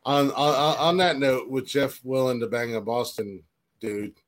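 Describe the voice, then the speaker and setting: A man co-hosting a casual podcast with a plain, mid-pitched voice. He talks in a laid-back way and teases his partner with dry wit. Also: steady tone, measured pace. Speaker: podcast co-host. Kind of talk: casual banter.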